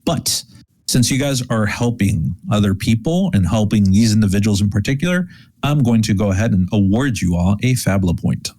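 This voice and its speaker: A man's voice: fairly low pitch, lively intonation, a little fast, a little mellow. A man running a tabletop game as game master, narrating loosely with many fillers and restarts.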